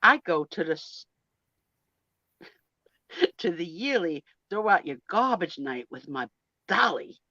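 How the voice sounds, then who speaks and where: A woman in her sixties chats bluntly and jokes at her own expense. Her pitch swings up and down a lot. The sound is dry and a little dull, like lo-fi video-call audio. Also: very animated, slow, long pauses, sharp tone, no room sound. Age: 60s. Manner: blunt, joking, self-mocking. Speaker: guest on a live chat show. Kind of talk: casual live video chat.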